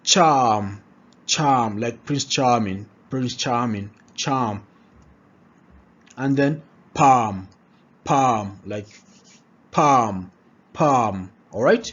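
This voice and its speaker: A man who speaks English as a second language gives a pronunciation lesson, drilling words aloud and repeating each one several times with checks like "all right?" His mid-range voice has a fairly bright tone, and he talks very slowly with frequent pauses. The recording sounds muffled.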